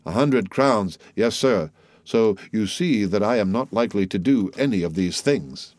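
A man's voice: on the low side, animated, a little slow, darkish tone, dry recording. A man voicing a humble middle-aged telegraph keeper who is earnest, timid and respectful, in an audiobook reading. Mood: anxious. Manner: eager, anxious, respectful.

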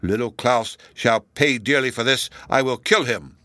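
Man voicing brutal greedy villager, loud threats, bright hard tone. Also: mid-range voice, moderate pace, no echo, clean studio sound, natural voice. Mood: threatening.

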